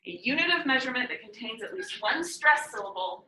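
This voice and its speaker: Woman teacher, bright slightly high voice, patient step-by-step explainer, caught from a distance. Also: animated. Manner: patient, repeats definitions slowly. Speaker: poetry teacher. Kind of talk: classroom lesson. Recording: echoey room, mic far off.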